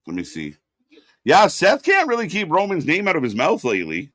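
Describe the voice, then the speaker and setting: Excitable man reacting to a live wrestling show. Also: fairly high pitch, fairly quick, no echo, studio quality. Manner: excited, rambling, with fillers and sudden loud bursts. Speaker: wrestling watch-party co-host.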